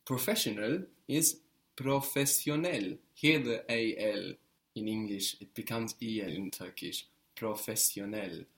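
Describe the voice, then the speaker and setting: A man's voice: lowish voice, measured pace, fairly bright tone. A man teaching a language lesson, patiently modeling words and encouraging the learner.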